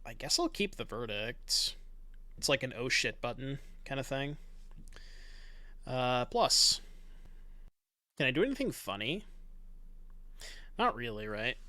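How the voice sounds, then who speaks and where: A man's voice: medium pitch, sharp tone, no echo. A man giving casual commentary on his online card game, thinking aloud in a chatty, self-mocking way and swearing now and then.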